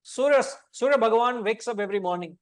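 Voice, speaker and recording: A middle-aged man with an Indian English accent gives a Gita lesson in a loose, teasing, talkative way, dropping in Indian words. His voice sits high for a man. The sound is close and dry. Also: quick pace, no room sound. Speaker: Gita teacher. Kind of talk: lecture to a study class.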